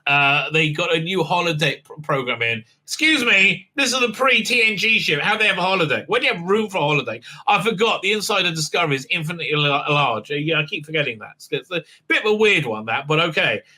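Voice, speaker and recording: Sharp-voiced sarcastic male reviewer. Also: fairly high pitch, lively intonation, fast, hardly any pauses, low-quality recording. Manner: mocking, rambling with many fillers. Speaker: host and TV reviewer. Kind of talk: sarcastic casual recap.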